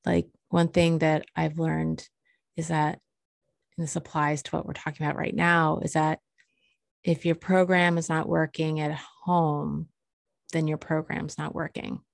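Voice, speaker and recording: A woman co-hosting a casual chat, telling stories with lots of restarts and acting out what people said in high, excited voices. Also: measured pace, vocal fry, no echo, clean studio sound. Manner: animated storyteller, acts out quoted voices high and loud; rambling with restarts and fillers. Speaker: podcast co-host.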